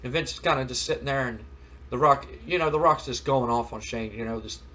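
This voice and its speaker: A man's voice: mid-range voice, a little fast, bright, forceful tone. A man hosting a gaming video, casually retelling a wrestling storyline with rambling fillers. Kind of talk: casual let's play narration.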